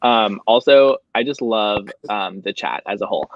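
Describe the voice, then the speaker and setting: A man's voice: lowish voice, moderate pace, no room sound, lo-fi sound. Tipsy, emotional man hosting a book chat. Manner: emotional, reads quotes aloud tearfully. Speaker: show host. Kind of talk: casual book club livestream.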